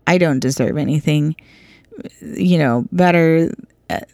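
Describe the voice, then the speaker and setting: A woman voicing a broke, remorseful young man who speaks haltingly and puts himself down. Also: fairly high pitch, creaky, a little mellow, dry recording, clean studio sound. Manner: halting, self-abasing.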